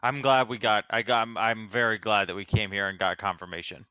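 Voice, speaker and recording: A man playing a tabletop game, stammering and quick to laugh. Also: fairly low pitch, steady tone, pushed and bright, clear, resonant tone, no echo, lo-fi sound. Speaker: player. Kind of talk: casual tabletop play.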